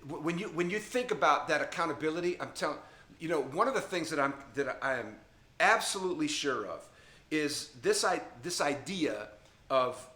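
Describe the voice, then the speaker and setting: A man's voice: on the high side, lively intonation, normal speed, sharp tone, roomy sound. A middle-aged man teaching young people about dating in an emphatic, repetitive way, often checking in with "okay?". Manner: emphatic, repetitive, addresses listeners directly with frequent "okay?". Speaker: youth ministry speaker. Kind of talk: informal teaching talk to a camera.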